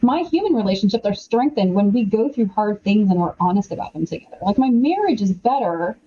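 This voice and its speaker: A middle-aged woman, an author and podcast guest, talking in an animated, chatty way with many quoted asides. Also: medium pitch, fairly quick, highs cut off, slight background noise. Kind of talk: casual conversational interview.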